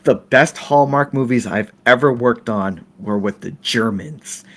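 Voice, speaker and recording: A man's voice: medium pitch, measured pace, fairly bright tone. A middle-aged man hosting a podcast, telling a film-set story in a casual way, laughing and restarting his sentences often. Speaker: podcast host.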